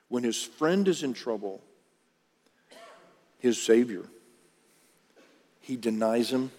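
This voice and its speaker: An earnest male pastor preaches in a relaxed, conversational way, often restarting his sentences. His voice sits at a middling male pitch. A long reverb from the church hall hangs on his words. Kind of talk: sermon.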